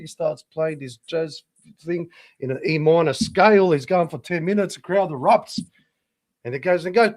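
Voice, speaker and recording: A man with a high voice co-hosting a casual chat. He tells stories with animation and acts out the people in them. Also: moderate pace, a little mellow.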